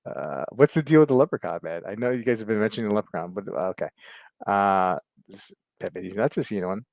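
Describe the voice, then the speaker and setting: A man hosting a casual livestream chat, rambling, laughing often, and filling pauses as he reads viewer comments. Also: on the low side, lively intonation, gravelly, a little mellow, dry recording. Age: adult with kids. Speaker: livestream host.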